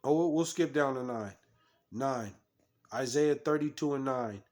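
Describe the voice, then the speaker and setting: A man's voice: mid-range voice, a little slow, darkish tone. A man preaching, reading scripture and commenting on it in a scolding, repetitive way, stumbling over restarts and fillers.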